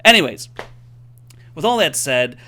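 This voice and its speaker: A man's voice: a little high, sing-song, unhurried, pushed and bright. A young adult man hosting a fan podcast, rambling and hedging casually as he leads the discussion. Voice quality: rambling, hedging, many fillers. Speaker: podcast host. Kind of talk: casual chat.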